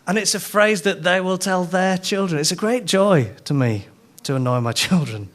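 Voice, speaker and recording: A middle-aged man with a Yorkshire accent, giving a sermon as a conference speaker and telling self-mocking stories in an animated way. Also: on the high side, brisk, hardly any pauses. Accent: Yorkshire English.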